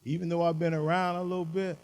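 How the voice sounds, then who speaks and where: A man's voice: a little high, flat delivery, fast, darkish tone, rough recording. An older man giving a motivational keynote speech in a folksy, emphatic way, driving home short maxims. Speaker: keynote speaker.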